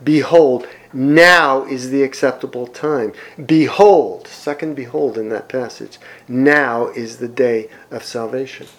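Slow, emphatic preaching man. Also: medium pitch, steady tone, poor audio. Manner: slow, emphatic preaching with wide swings in loudness; reads scripture aloud and comments on it. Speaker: pastor. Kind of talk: sermon.

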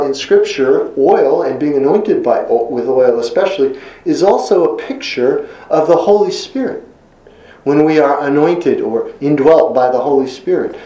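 A man preaching a sermon in an earnest, emphatic way, slowing down to stress key phrases. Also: on the high side, mellow, echoey room, poor audio.

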